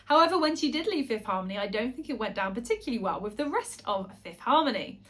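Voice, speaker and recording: Chatty gossiping woman, slightly high voice. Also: big pitch swings, fairly bright tone. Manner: chatty, gossipy, with quick asides and self-corrections. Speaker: pop singer and vlogger. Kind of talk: casual chat to camera.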